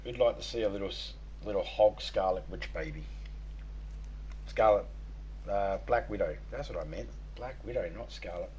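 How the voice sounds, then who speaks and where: A man's voice: lowish voice, moderate pace, darkish tone, a little hiss or hum, poor audio. A young man hosting a live game stream, chatting casually with crude, playful jokes. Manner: crude joking, playful, breaks into voices and laughter.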